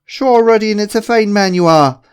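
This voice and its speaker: Bjorn is a booming, high and jolly fake Irishman , put on by a male narrator, laying the stage-Irish charm on thick. He sounds much higher and louder than the reader's own voice. Every line is brash and over the top. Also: moderate pace, vocal fry, dry recording, studio quality, lightly acted. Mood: hearty. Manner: loud, jolly, overdone stage-Irish phrasing. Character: Swedish man faking hearty Irish charm.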